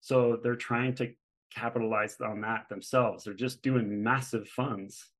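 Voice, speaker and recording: A middle-aged man speaks as a podcast guest, telling his story in a casual, animated way. His voice sits at an ordinary middle pitch, and he acts out the voices of the people he quotes as he goes. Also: unhurried, low-quality recording. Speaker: guest, real estate fund manager.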